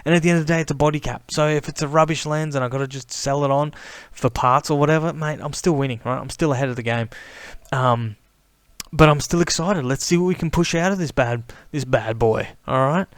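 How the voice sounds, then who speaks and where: A man in a casual, enthusiastic vlog monologue, chatty and animated, often calling the listener mate. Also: a little high, fairly quick, no room sound. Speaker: camera vlogger.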